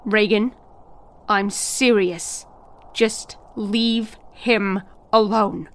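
Exasperated older sister, female actor, slow, measured scolding. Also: mid-range voice, fairly even intonation.

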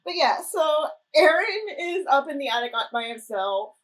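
A young woman co-hosting a casual chat recap of a ghost-hunting show, animated and laughing. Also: sits high, normal speed, poor audio. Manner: animated, laughing, retells scenes in quoted voices. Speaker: podcast co-host.

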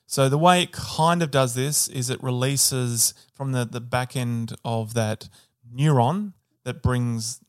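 Male podcast co-host with a mid-range voice, relaxed explainer, casual teaching chat. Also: mid-range voice, takes it slowly, few pauses. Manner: relaxed explainer, hedges on details. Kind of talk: educational physiology podcast chat.

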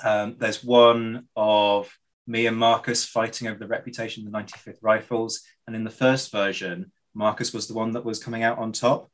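Low-voiced man telling an anecdote. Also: little pitch movement, moderate pace, a bit bright. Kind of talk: casual chat.

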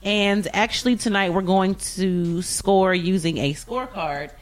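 A woman's voice: mid-range voice, measured pace. A woman co-hosting a casual podcast, teasing and sassy. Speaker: podcast co-host. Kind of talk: casual chat.

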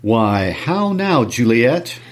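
A man reading the part of a stern, vengeful noble mother in a classroom read-aloud of a play, with a measured, stern delivery. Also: mid-range voice, sing-song.

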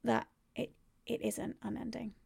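A woman's voice: on the high side, flat delivery, unhurried, vocal fry, darkish tone, husky. A woman in her thirties talking candidly and rambling in a casual conversation, swearing freely. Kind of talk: casual conversation about grief.

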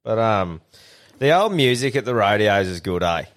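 A man's voice: on the low side, big pitch swings, moderate pace. An Australian man in his thirties co-hosting a podcast, swearing and laughing as he tells stories. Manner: laid-back, swears a lot, laughs often. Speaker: podcast co-host. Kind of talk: casual chat.

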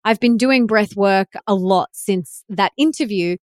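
A woman's voice: medium pitch, unhurried, no echo, studio quality. A woman hosting a podcast in casual conversation, enthusiastic and affirming. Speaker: podcast host.

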